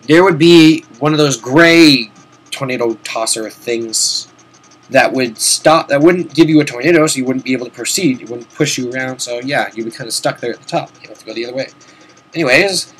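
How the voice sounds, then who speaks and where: Male let's-play host, mid-pitched, rambling and casual with some cursing, voice a touch hoarse. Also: brisk, fairly bright tone. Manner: chatty, rambling, swears casually. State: hoarse, sore voice. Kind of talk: let's-play game commentary.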